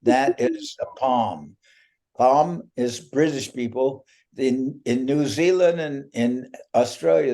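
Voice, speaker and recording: Man on a zoom call teasing folks, dark mellow voice, slow drawn-out jokes. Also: mid-range voice, very animated. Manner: playful teasing, drawn-out punchlines. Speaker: spiritual teacher giving a talk. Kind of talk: casual joking chat over video call. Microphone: video call.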